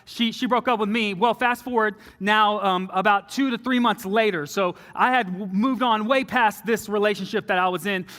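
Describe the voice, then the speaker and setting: A young man with a high, bright, forceful voice tells a story in a sermon. He is animated and often slips into a low, soft tone for quoted lines. His voice carries a long reverb from a large hall. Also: moderate pace, few pauses.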